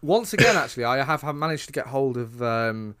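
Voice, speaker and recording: A man's voice: medium pitch, expressive, brisk, over loud music. A man co-hosting a podcast, talking casually about a movie in a dry, sarcastic way, with many ums. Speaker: podcast co-host. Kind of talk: casual movie review chat.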